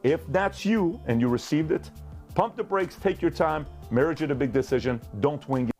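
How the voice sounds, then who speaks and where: A man's voice: a little high, moderate pace, darkish tone, faint music behind. A man giving relationship advice in an emphatic, repetitive, preachy motivational talk.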